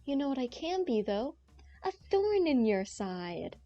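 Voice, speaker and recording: A woman's voice: high voice, sing-song, unhurried, mellow. A young woman streaming a game, chatting in a playful, rambling, joking way to her viewers. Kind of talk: casual gaming stream chat. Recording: dull lo-fi stream audio.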